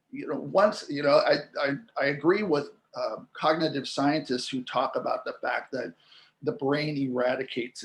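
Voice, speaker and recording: Man, 60s, slightly high voice; animated interview guest who restarts often and acts out voices. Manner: animated, acts out babies and parents in playful voices; frequent restarts and repeated words. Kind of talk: explanatory interview talk.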